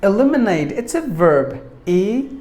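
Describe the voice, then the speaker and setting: Male pronunciation teacher, slow and methodical, drills words syllable by syllable in a roomy, echoing space. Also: sits high, lively intonation, a little mellow. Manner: deliberate, repeats each word and breaks it into syllables. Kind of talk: pronunciation lesson. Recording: echoey room.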